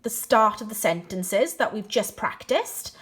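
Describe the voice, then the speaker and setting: A woman teaching a language lesson, modeling words slowly and checking in with "okay?" after each point. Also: medium pitch, lively intonation, fairly bright tone. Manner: slow, careful modeling of words to repeat, frequent "okay?" checks. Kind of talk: slow bilingual language lesson.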